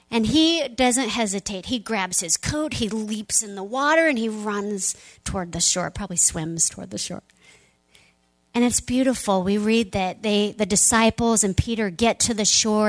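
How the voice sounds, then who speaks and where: A woman pastor preaching a sermon, telling the story with animated delivery and dropping into soft, near-whispered moments. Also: a little high, no echo.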